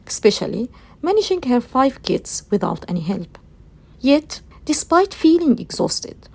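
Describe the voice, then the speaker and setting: Warm, gravelly woman reading reflectively. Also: mid-range voice. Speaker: listener telling a travel story. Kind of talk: reading a personal anecdote.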